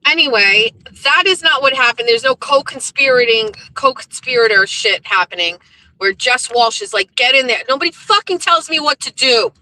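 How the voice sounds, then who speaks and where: A young woman livestream host telling a story in a blunt, profane, animated way while driving in a car. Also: high voice, moderate pace, low-quality recording. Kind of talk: casual profane livestream rant.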